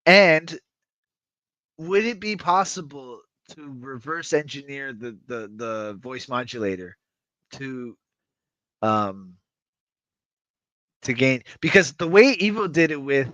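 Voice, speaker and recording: A man hosting a livestream, chatting to his viewers in a rambling, excitable, self-mocking way and swearing freely. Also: medium pitch, slow pace, pauses often, dry recording, highs cut off. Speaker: livestream host. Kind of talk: casual livestream chat to viewers.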